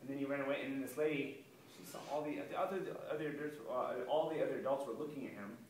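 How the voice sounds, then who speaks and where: A man teaching a young girl karate and self-defense, encouraging her with counts and quick praise. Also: mid-range voice, distant mic, a little hiss or hum. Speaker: karate instructor. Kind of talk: kids' self-defense lesson. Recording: echoey room, voice from off-mic.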